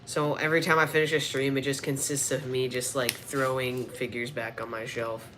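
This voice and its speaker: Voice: mid-range voice, little pitch movement, normal speed. Rambling streamer chatting over toy figures. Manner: rambling and offhand, trailing off. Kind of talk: casual livestream chat while playing with action figures. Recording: noisy background.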